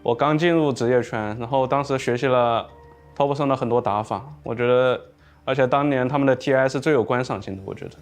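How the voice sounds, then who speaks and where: A male pro player answers interview questions quietly and with some hesitation. His voice is mid-pitched. He speaks in short, modest phrases. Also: fast, faint music behind.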